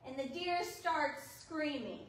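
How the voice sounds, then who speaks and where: High-voiced laughing woman pastor. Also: takes it slowly. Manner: lively, laughing anecdote. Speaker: associate pastor. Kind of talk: sermon storytelling. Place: church fellowship hall. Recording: echoey hall, mic at a distance, audible noise.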